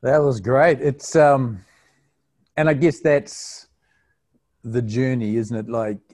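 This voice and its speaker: A man hosting a faith interview, summing up his guest's points in a measured, halting way with many fillers. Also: medium pitch, darkish tone, no room sound. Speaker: host, interviewer. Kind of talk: reflective interview talk.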